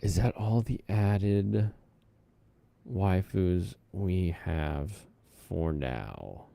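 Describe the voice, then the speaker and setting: A man's voice: deep voice, drawn-out words, vocal fry, warm tone. A man chatting casually on a live stream, rambling between topics and humming to himself.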